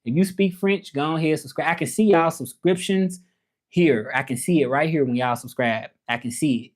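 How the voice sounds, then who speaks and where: A man's voice: on the high side, normal speed. A man in his thirties with a Southern American accent, chatting casually on a livestream as he answers viewers' comments, talking in a loose, repetitive way. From Southern United States. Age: 30s. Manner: loose, repetitive, conversational, keeps saying "you know what I'm saying". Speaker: livestream host.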